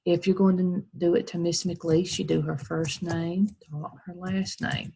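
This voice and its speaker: A woman's voice: on the low side, little pitch movement, unhurried, creaky, dark tone, husky. An American woman teacher patiently walking children through a recorded screen tutorial, step by step.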